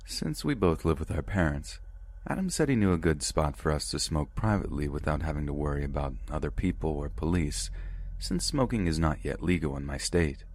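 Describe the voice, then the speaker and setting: A man reading submitted true scary stories aloud in the first person as a podcast narrator, in a steady, measured way. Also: rumbling low.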